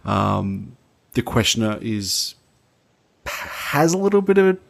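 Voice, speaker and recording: A man co-hosting a gaming podcast as a game master, giving relaxed, rambling explanations. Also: on the low side, takes it slowly, gravelly. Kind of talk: casual podcast chat.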